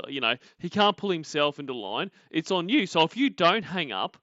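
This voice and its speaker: A man's voice: on the high side, big pitch swings, moderate pace, few pauses, fairly bright tone, dry recording, lo-fi sound. A man giving blunt, sarcastic commentary on a call, swearing and laughing often. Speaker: streamer reacting to a call recording. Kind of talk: casual commentary.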